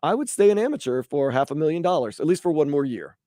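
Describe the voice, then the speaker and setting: A man's voice: a little high, fast, no room sound, studio quality. A man hosting sports talk radio, chatting casually and acting out hypothetical quotes. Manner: animated, acts out quotes in voices.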